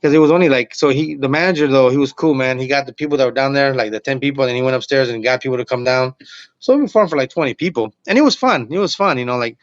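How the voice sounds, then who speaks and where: A comedian in his forties, appearing as a guest, tells a story in casual chat with a fast, mid-range voice. He's animated and acts out what people said. The recording is muffled, lo-fi, and dry with no room sound.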